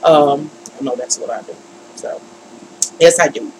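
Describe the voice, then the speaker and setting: Woman, tarot livestream host, slow, fussing aloud, frustrated. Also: low-pitched, a little mellow, slight background noise, rough recording. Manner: frustrated, fussing and muttering to herself. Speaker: tarot reader hosting a livestream. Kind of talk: live-stream chat.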